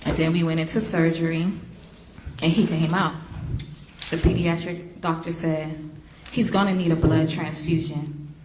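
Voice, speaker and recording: A woman speaking as a victim's mother in court, an animated storyteller who acts out the voices she quotes. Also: sits low, measured pace, long pauses. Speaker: victim's mother giving an impact statement. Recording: roomy courtroom, faint hiss.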